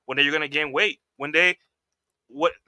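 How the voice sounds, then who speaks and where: Bright-voiced man explaining his view. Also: on the high side, steady tone, clean tone, dry recording. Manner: laughs easily, halting. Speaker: panel guest. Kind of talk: casual debate.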